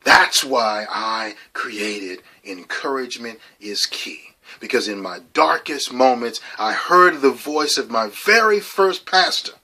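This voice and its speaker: A man hosting a documentary, giving an earnest, emphatic personal testimony that sinks to a soft near-whisper at times. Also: medium pitch. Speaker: documentary host and storyteller.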